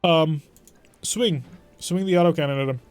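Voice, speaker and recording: Wry young male streamer, slightly high voice, chatty play-by-play with mock exasperation. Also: normal speed, a little mellow, faint music behind. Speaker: gaming streamer. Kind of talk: let's play gameplay commentary.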